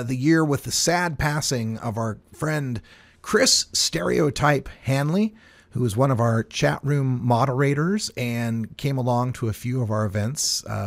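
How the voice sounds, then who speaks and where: A man hosts a radio talk show in a steady, earnest voice of middle pitch. The sound is close and dry, with no room around it. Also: gravelly, no room sound.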